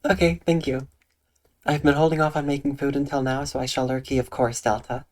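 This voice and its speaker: A streamer chatting calmly and softly with viewers on a live stream, using eloquent diction and a dry, deadpan delivery. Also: mid-range voice, brisk. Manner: soft, calm tone with eloquent diction. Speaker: Twitch streamer. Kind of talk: casual livestream chat reading out viewer comments.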